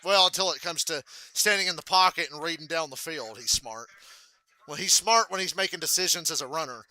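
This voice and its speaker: A man reacting live to a football game, with profane, excitable outbursts. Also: on the high side, brisk.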